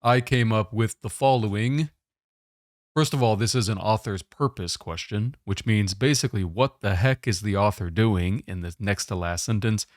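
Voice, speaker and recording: A man giving a test-prep lesson, explaining question types in a steady, methodical way. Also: on the low side, moderate pace, dry recording, studio quality.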